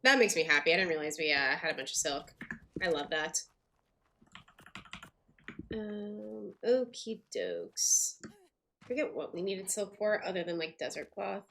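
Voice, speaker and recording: A woman's voice: fairly low pitch, lively intonation, a little slow, creaky, long pauses, sharp tone, slight background noise. A woman streaming a game, chatting casually and thinking aloud with lots of fillers. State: hiccups. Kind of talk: casual gameplay commentary.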